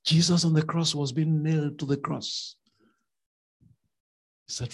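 A man preaching a sermon with emphatic rhetorical questions, swinging between loud and soft delivery. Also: a little high, steady tone, unhurried, long pauses, slightly rough.

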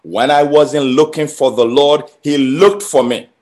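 A man preaching a sermon, emphatic, building phrases through repetition and swinging between loud and quiet. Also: on the high side, fairly even intonation, measured pace. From Nigeria. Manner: emphatic, with rising and falling intensity and repeated phrases.

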